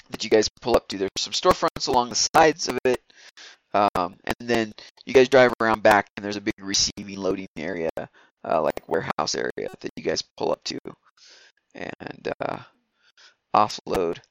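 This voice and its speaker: A man's voice: on the low side, lively intonation, a little slow, pauses often, a bit bright, no room sound, low-quality recording. A man narrating as game master of a tabletop game, rambling with many fillers and restarts.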